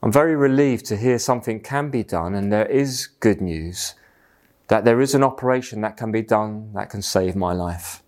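A man voicing a humble male heart patient who responds calmly and sincerely. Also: fairly low pitch, moderate pace, natural voice. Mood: grateful. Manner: calm, sincere.

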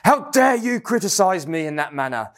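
A man voicing an outraged, indignant female heart patient, shrill and offended. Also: sing-song, normal speed. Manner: huffy, offended.

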